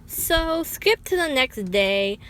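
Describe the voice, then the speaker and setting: A woman telling a casual storytime vlog, animated and swearing freely, leaping up in pitch when she quotes people. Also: takes it slowly. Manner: dramatic pitch jumps when quoting people. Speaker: vlogger.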